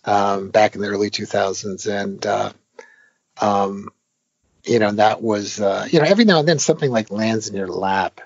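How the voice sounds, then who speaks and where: Older game-designer guest, husky low voice, rambling and filler-heavy, dull lo-fi audio. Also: male voice, moderate pace, dry recording. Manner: rambling, many fillers, animated retelling of anecdotes. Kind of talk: casual interview talk.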